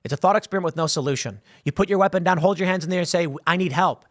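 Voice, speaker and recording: A man's voice: sits high, very fast, dry recording, studio quality. A man giving opinionated political commentary as a host, talking emphatically and rambling, sometimes acting out other people's voices.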